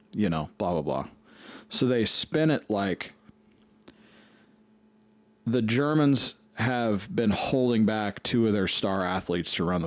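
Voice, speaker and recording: Low-ish guy on a podcast, cussing a lot while he tells a long story, dry sound. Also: no room sound. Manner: profane, rambling storyteller. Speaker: podcast host. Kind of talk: casual storytelling chat.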